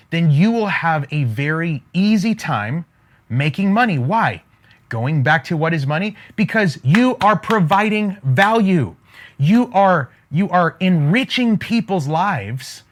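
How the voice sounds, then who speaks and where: Emphatic male money coach with a preacher's repetition and a fairly high voice, recorded close to the mic. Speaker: online business coach. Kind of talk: motivational money teaching.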